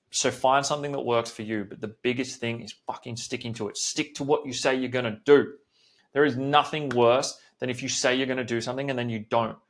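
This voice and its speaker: Guy coach doing a solo podcast, blunt and sweary, mid pitch, pushing you to stick to it. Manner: blunt, profane, motivational; direct, pep-talk delivery.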